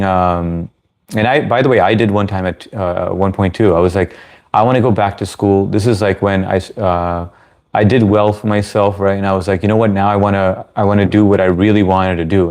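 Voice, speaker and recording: Man in his thirties, very low voice, livestream host, casual rambling chat, friendly, lots of restarts. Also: a little mellow. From United States. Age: 30s.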